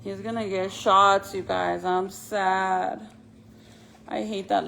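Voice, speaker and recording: A woman's voice: mid-range voice, little pitch movement, slow pace, creaky, a bit bright, a little hiss or hum. A woman vlogging casually to her viewers while buckling her baby into the car. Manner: chatty, talks to viewers while handling a baby. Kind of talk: casual vlog chat.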